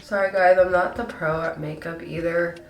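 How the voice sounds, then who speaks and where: A woman's voice: on the low side, steady tone, normal speed, echoey room, far from the mic, faint music behind. A congested young woman with a stuffy nose, chatting and apologizing her way through a casual get-ready-with-me vlog at home. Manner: chatty, self-deprecating, apologetic. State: breathing hard. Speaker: beauty vlogger.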